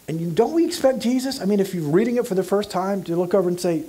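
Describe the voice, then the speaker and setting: A man's voice: sits high, animated, normal speed, long pauses, warm tone, breathy edge. A male pastor preaching an emphatic sermon who acts out scenes and questions the audience.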